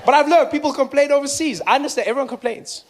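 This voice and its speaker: A South African man performing stand-up, his voice sitting high for a man. He tells animated stories and suddenly leaps into loud, shrill voices for the people he quotes. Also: fast, a faint crowd, a little hiss or hum. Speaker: stand-up comedian. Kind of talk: stand-up comedy set.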